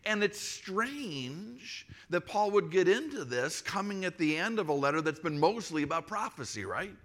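A man in his forties preaching a sermon in a relaxed, storytelling way with frequent restarts. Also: sits high, normal speed. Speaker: pastor.

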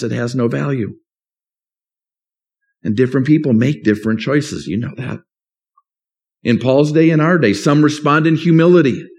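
Conversational preacher, man, slightly high. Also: a little mellow. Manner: conversational preaching with rhetorical questions and acted-out quotes. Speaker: pastor. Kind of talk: sermon.

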